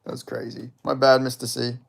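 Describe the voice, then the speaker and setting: Hosting a fight watch-along stream, the young man talks in a brisk, gravelly mid-range voice with little pitch movement. It's loose live-stream chat, with frequent swearing, jokes for viewers and lots of laughter.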